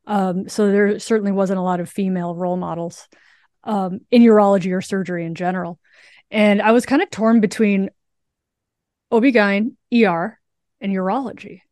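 A woman in her forties talks in an animated, quick way as a guest on a podcast. Her voice sits at a middle pitch, and it is recorded dry and close. Many fillers run through her speech. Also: no room sound. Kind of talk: conversational interview storytelling.

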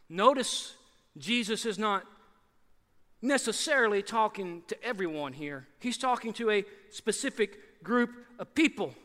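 A man preaching a sermon as pastor, in a lively, conversational way full of repeated rhetorical questions. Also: sits high, long reverb tail.

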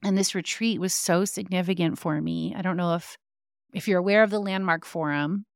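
A woman's voice: lowish voice, moderate pace, no echo, clean studio sound. A woman hosting a podcast, telling personal stories in a rambling way with frequent ums and restarts. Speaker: podcast host. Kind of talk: personal storytelling.

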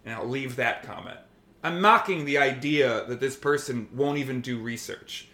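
A man's voice: mid-range voice, normal speed, bright, forceful tone, roomy sound. A man co-hosting a podcast, arguing heatedly and mocking online trolls with put-on voices. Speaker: podcast co-host. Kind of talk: heated casual debate.

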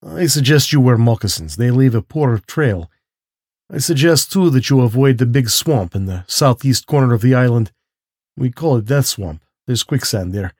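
A man doing a polished, courtly aristocrat of a hunter whose charm carries a menacing edge, his lively voice rising and falling through genteel phrasing. The tone is breathy and close, read as a spoken storybook. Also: moderate pace, dry recording. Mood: silkily menacing. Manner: polished and genteel, with a lift in pitch.

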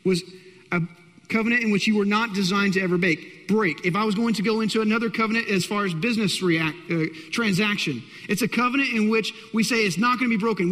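High-voiced male pastor preaching emphatically. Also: bright, forceful tone. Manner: emphatic, repeats key phrases, direct address to congregation. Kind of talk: sermon. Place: church hall. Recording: long reverb of a large hall.

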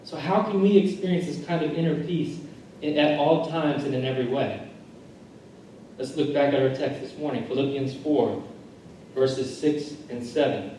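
A male pastor delivers a sermon in an earnest, mellow voice that sits a little high, circling back over his phrases as he builds each point. He is heard from a distance in a big, booming hall, with faint noise underneath. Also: normal speed. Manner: earnest preaching with repeated phrases and restarts. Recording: echoey church hall recording from far off.

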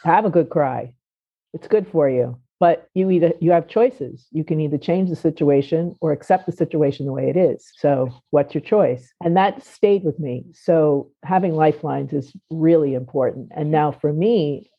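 A woman's voice: deep voice, moderate pace. A woman hosting a podcast and coaching careers, talking casually and reflectively. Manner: brief affirming interjections. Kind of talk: casual interview chat. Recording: dull lo-fi sound.

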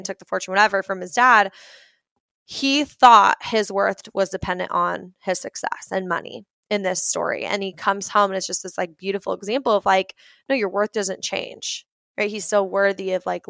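A woman's voice: mid-range voice, creaky, a bit bright, smooth, dry recording. A young adult woman hosting a casual motivational talk, chatty and earnest, often using "like" as a filler.

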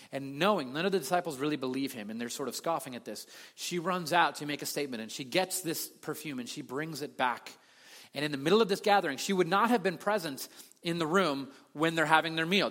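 Pastor guy giving a sermon, fairly high voice, big echoey church hall. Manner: animated storytelling, acts out quoted voices. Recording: long hall reverb.

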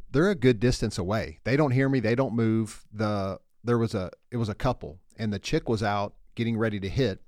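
Animated man telling a story on a podcast. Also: on the low side, dry recording, studio quality. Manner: animated storyteller, acts out voices, laughs often. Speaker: podcast co-host. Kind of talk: casual storytelling chat.

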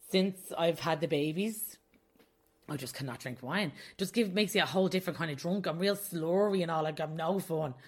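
A young adult woman hosting her own podcast, talking candidly and confessionally in a casual way and often laughing mid-sentence. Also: low-pitched. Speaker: podcast host. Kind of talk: casual solo podcast talk.

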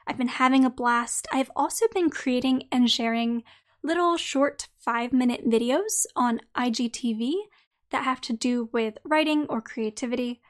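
Woman, podcast host, high-pitched, slightly croaky, friendly, reading to listeners. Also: normal speed. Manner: friendly, direct address to listeners. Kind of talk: podcast monologue and article reading.

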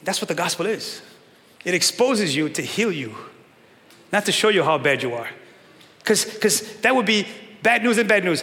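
A male pastor preaching a sermon with emphatic swings from shouting to low, quiet stretches. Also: very animated, moderate pace, long pauses. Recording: long reverb of a large hall.

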